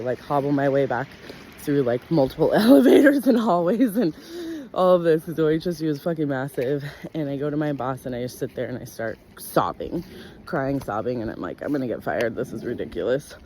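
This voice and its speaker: Speaking fairly quickly with slight background noise, this woman, a wellness practitioner, recounts her life on camera with profane bluntness and constant "like" fillers. When she quotes what she once said, her voice leaps in pitch, keeping the telling lively.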